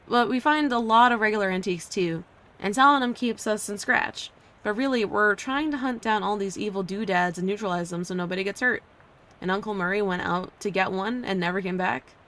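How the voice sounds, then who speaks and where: A woman's voice: medium pitch, bright, forceful tone, lightly acted. A woman voicing a friendly young antique shop clerk who talks in a chatty, slangy, casual way.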